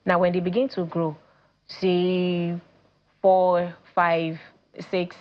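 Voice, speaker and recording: Animated Nigerian woman coach. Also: lowish voice, slow, lo-fi sound. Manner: animated, acts out parents and children in quoted voices. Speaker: teen coach guest. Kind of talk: studio talk show conversation.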